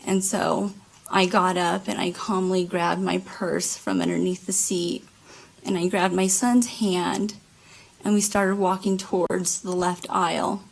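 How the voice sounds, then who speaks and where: Woman, trial witness, slow, gravelly, halting speech with pauses and fillers. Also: on the low side, fairly even intonation, poor audio. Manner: halting, many fillers and restarts. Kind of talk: courtroom testimony. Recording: courtroom microphone.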